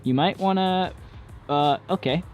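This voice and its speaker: A man's voice: high-pitched, a little slow, a little mellow, soft background music. A young man vlogging casually outdoors around his car, talking frankly and swearing in exasperation. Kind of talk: casual vlog.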